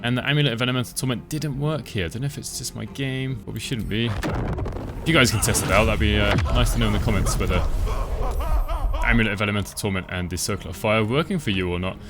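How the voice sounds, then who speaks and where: A man giving relaxed, chatty commentary over his own gameplay, thinking aloud as he plays. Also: on the low side, quick pace, over music. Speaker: gaming channel host.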